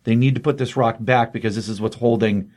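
This is a man's mid-range voice, relaxed and energetic as he summarizes a comic's storyline. Quoted characters get their own rapid-fire voices.

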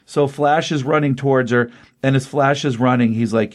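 A man in the middle range of pitch, talking through a comic book plot in a relaxed, rambling way. He gets excited about the cool parts and fills the gaps with ums and you-knows. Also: normal speed. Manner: enthusiastic, rambling retelling with fillers and paraphrased quotes. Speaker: podcast co-host recapping comics. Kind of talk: casual comic book recap.

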